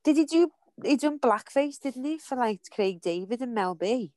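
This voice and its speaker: A woman's voice: on the high side, animated, normal speed, a little mellow, no echo, studio quality. Nasal woman in casual chat. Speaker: podcast co-host.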